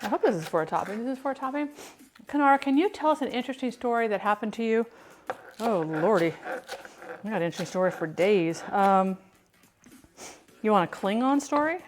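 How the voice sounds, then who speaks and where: A woman from the United States talks her way through a recipe in a loose, chatty vlog style, breaking off mid-thought and circling back. Her voice sits at an everyday middle pitch. A faint hum runs under the recording. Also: brisk, pauses often. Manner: chatty, rambling, self-interrupting. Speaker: home cook and streamer. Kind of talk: casual cooking chat.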